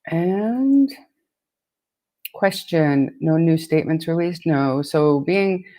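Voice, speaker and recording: A woman's voice: sits low, animated, mellow, no echo. A woman from Atlantic Canada hosts a true crime stream. She has a sore, swollen throat and chats casually, greeting viewers in a rush with many restarts. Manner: chatty, rapid greetings, frequent restarts. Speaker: true crime podcast host. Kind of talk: casual livestream chat with viewers.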